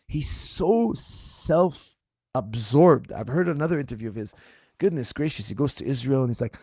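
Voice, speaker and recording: Man, livestream coach, animated and incredulous, slightly strained voice, mid pitch, dry close sound. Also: brisk, breathy edge, dry recording. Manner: animated, incredulous and mocking, repeats himself. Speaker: martial arts coach answering viewer questions. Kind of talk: casual livestream Q&A.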